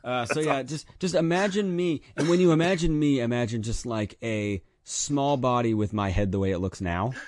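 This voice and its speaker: A man telling a childhood story in casual chat, animated, with loud high bursts when he acts out his younger self. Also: moderate pace, few pauses.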